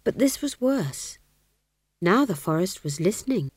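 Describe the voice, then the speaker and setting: A woman narrating a comic fantasy audiobook with expressive, measured storytelling. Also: mid-range voice, husky, dry recording, studio quality.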